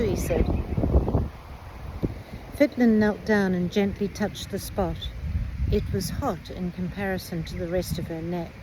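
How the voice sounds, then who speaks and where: A woman reading a children's book aloud with measured, expressive narration. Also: lowish voice, heavy background noise. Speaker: storybook reader.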